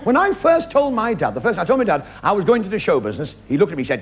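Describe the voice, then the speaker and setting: A man's voice: high-pitched, huge pitch swings, creaky, noisy background. A man with a Liverpool accent performing a stand-up comedy routine, firing off gags and laughing between them. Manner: quick gag delivery with laughs. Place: TV studio with live audience.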